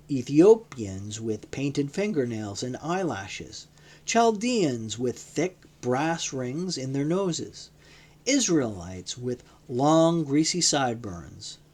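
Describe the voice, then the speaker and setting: A man reading a novel aloud in a measured, dramatic narration. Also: medium pitch, a little mellow. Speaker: audiobook reader. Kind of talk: scripted narration.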